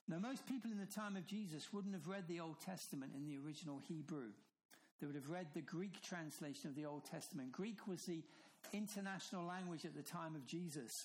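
A man preaching with emphatic, measured delivery. His voice sits a little higher than most men's, and he slows and sinks low to stress key phrases. A faint hiss of background noise runs under the recording. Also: low-quality recording. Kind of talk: sermon.

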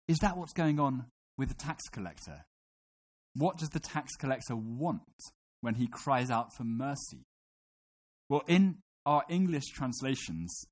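A man's voice: mid-range voice, a little mellow. A man preaching a sermon to a congregation in a room, teaching and putting questions to his listeners.

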